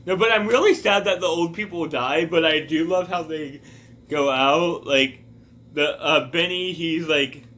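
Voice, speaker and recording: A man's voice: fairly high pitch, a little slow, pushed and bright, slight background noise. A man talking casually in a rambling review, wandering off on tangents. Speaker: video reviewer.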